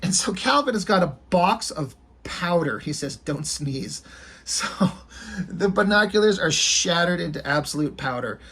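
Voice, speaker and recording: A man in his thirties or forties talks through comic strips in a loose, rambling way and swears without a second thought. His voice is husky and sits a little high for a man. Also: lively intonation, normal speed, sharp tone. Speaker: vlogger retelling comic strips. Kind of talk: casual storytelling.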